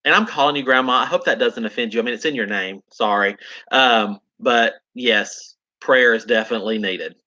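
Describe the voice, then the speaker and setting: A man's voice: medium pitch, normal speed, bright, forceful tone, dull audio. A man with a South Carolina Southern accent, chatting casually with viewers on a live stream and answering their comments in an upbeat, drawling way. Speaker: gardening channel host.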